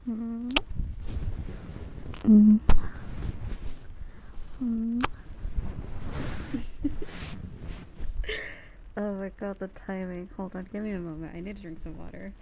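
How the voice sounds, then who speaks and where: A woman streaming soft-spoken ASMR, chatting with viewers in a soft, giggly voice that drifts into whispers. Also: medium pitch, fairly even intonation, quick pace, creaky, hardly any pauses, noisy background.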